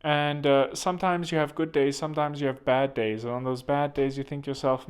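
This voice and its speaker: A man's voice: mid-range voice, steady tone, fairly quick, hardly any pauses, clean tone. A man hosting a comedic self-help monologue, rambling and joking crudely at his own expense. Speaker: host.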